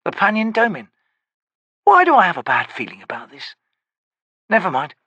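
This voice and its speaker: A wry, wary wizard, played by a man reading an audiobook mutters in a raised, lively voice with a husky grain. He sounds sardonic and uneasy. The reading is dry and close. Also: high voice, normal speed, dry recording, voice pushed up, exaggerated voice.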